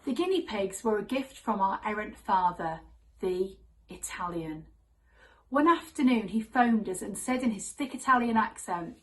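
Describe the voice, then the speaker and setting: A woman telling a comic true story on stage in a wry, deadpan manner. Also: mid-range voice, moderate pace, low-quality recording.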